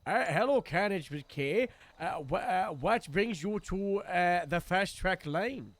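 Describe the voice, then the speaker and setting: A man's voice: high-pitched, animated, a little slow. A man playing a police interviewer in a game roleplay, talking hesitantly with many fillers and frequent laughs. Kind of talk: casual game roleplay chat.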